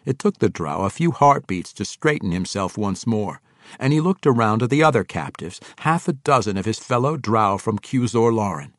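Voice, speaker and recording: A man narrating a fantasy audiobook in an expressive storytelling manner on a close microphone. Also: fairly low pitch, moderate pace, no echo. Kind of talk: scripted narration.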